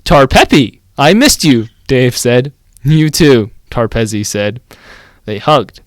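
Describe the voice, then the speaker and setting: A man's voice: mid-range voice, sing-song, takes it slowly, dry recording. A young man co-hosting a comedy podcast, reading a badly written fan story aloud, stumbling over its misspellings and breaking into banter.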